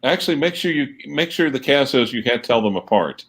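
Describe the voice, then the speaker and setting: A man's voice: mid-range voice, lively intonation, fairly quick. A man co-hosting a livestream, cracking jokes and reading out viewer comments. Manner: wisecracking, reading out jokey comments. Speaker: livestream co-host. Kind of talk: casual livestream banter.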